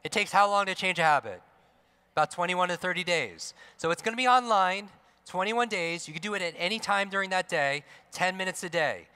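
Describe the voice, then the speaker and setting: A middle-aged man on stage at a large expo, talking fast and lively to a crowd. His voice sits a bit high and rings bright and forceful. The sound carries a long hall reverb. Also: smooth. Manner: energetic, asks the crowd questions, tag "right?". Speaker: motivational speaker. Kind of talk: live stage talk to an audience.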